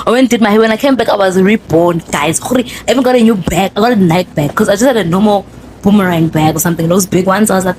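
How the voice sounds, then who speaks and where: A young woman with a South African Zulu accent, hosting a podcast and telling her story in a casual, animated monologue. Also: mid-range voice, very fast, a little hiss or hum, rough recording. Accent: South African, Zulu-speaking. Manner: chatty, code-switching, animated storyteller. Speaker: podcast host.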